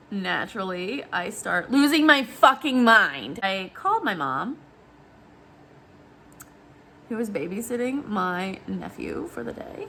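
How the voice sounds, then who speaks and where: A woman vlogger telling a story in a chatty, animated way, with lots of "like" fillers. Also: medium pitch, a little slow, vocal fry, few pauses. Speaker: beauty vlogger. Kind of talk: casual storytelling vlog.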